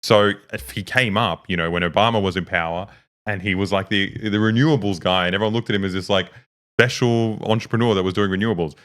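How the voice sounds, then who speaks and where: A man's voice: fairly low pitch, fairly even intonation, fast, fairly bright tone. A young man from Serbia, streaming and chatting casually, telling rambling anecdotes with lots of swearing. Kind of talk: casual chat and storytelling.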